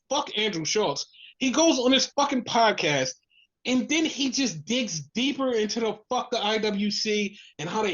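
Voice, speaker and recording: A podcast co-host ranting in casual talk, swearing constantly and sounding fed up. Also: lo-fi sound. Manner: profane, exasperated ranting; animated, mimics others in a lower voice.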